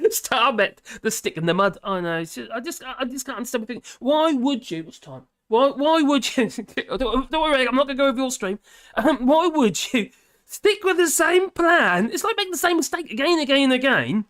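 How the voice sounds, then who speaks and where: A man's voice: very high voice, big pitch swings, brisk, a bit bright. A man hosting a live stream in casual chat, rambling, laughing often and trailing off mid-sentence.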